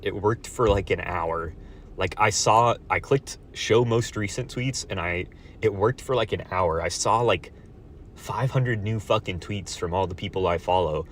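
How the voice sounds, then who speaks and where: Man ranting, loud bursts and mutters. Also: a little hiss or hum. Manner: swings between loud outbursts and low muttered asides. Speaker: vlogger. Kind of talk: profane solo rant to camera.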